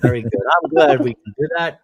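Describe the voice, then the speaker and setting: A man's voice: mid-range voice, brisk, a crowd in the background. A man hosting a casual live stream chat, bantering and laughing, with many restarts. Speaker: host.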